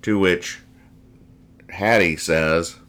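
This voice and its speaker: A man with a low-pitched voice and drawn-out words hosts a casual podcast where he reads and explains comic strips. His wry, rambling delivery trails off quietly after each joke.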